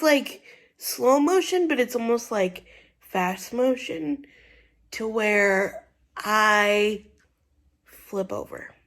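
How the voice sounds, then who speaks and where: A woman's voice: on the high side, a bit bright. A young woman vlogger casually telling a story to the camera, rambling with lots of "like" and "you know". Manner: rambling, full of "like" and "you know", retelling with feeling.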